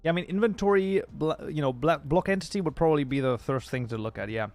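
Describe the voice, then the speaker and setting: A man's voice: fairly high pitch, lively intonation, quick pace, a little mellow, no room sound. Casual male livestream host at a desk mic, talkative and off-the-cuff, faint music behind. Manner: rambling, chatty, thinks aloud with fillers and restarts. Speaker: streamer reading chat. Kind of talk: casual livestream chat while modding a game.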